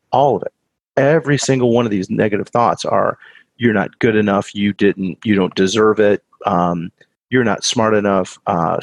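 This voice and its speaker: Gravelly low-voiced man giving a pep talk. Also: no room sound, low-quality recording. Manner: earnest, repetitive, addresses listeners as guys. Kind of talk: motivational talk.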